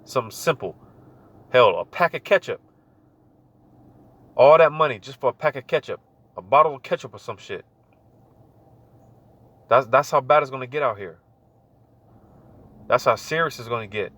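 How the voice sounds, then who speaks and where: A man's voice: medium pitch, animated, moderate pace, pauses often, a bit bright, no room sound. A man giving casual, slangy religious commentary, repeating his warnings with a chuckle now and then. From United States. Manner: slangy, repetitive, preachy, chuckling.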